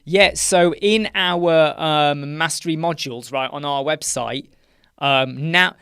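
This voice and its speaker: A man's voice: on the high side, takes it slowly, pushed and bright, clear, resonant tone, dry recording, clean studio sound. A British man hosting a casual live chat stream, rambling through filler words and often ending points with "right?". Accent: British English. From United Kingdom. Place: small dark room with sound panels.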